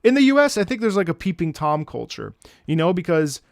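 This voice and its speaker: A man hosting a live stream, chatting casually and telling stories with lively impressions of people he met. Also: fairly quick, vocal fry, no echo, clean studio sound. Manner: animated storyteller, mimics French voices with high loud bursts. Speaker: streamer host.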